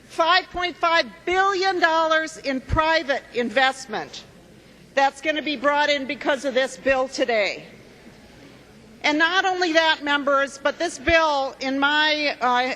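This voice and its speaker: A woman with a high, bright voice makes an earnest case during a floor speech. Her words ring through the long reverb of a large legislative chamber. A faint hum of room noise sits underneath. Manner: earnest, persuasive speech growing emotional. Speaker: state legislator.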